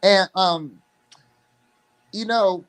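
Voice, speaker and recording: A young man joining a livestream chat as a guest, speaking hesitantly with many pauses and restarts. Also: sits high, smooth. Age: young adult.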